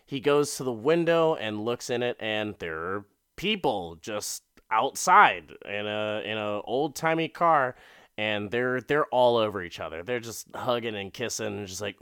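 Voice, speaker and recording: A man's voice: lowish voice, animated, measured pace, fairly bright tone, clear, resonant tone, no echo, clean studio sound. A man giving a profane, rambling comic recap of a movie, full of fillers.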